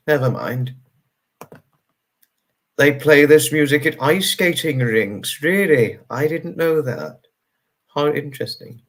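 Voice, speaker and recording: A man hosting a livestream, answering viewer comments in a casual, rambling way. He sounds tired and talks earnestly, with many fillers, as he reassures his viewers. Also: on the high side. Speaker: livestream host.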